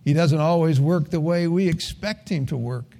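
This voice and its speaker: Older man, pastor, sermon, folksy storytelling, mellow voice, slightly high pitch. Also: normal speed. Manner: storytelling, folksy, rising to earnest emphasis.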